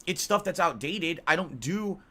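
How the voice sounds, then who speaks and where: A man's voice: on the high side, lively intonation, normal speed, pushed and bright. A man defending himself on stream, insistent and laying out his points one by one. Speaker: streamer being reacted to.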